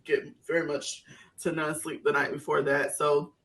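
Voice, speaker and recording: A woman's voice: low voice, little pitch movement, moderate pace, a crowd in the background. A woman co-hosting a podcast, chatting casually with friends and telling a rambling story through frequent laughs. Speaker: podcast co-host. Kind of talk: casual chat among friends.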